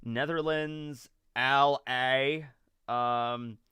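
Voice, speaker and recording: A man's voice: mid-range voice, fairly even intonation, extremely slow, sharp tone, clean tone, no room sound. A young American man casually chatting on a livestream, rambling and joking as he reads viewer messages. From United States. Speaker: livestream host reading chat.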